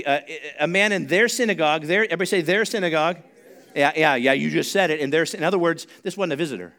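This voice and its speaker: Male pastor, high bright voice, conversational sermon that swells into forceful preaching. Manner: conversational, builds to loud emphatic preaching. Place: church sanctuary.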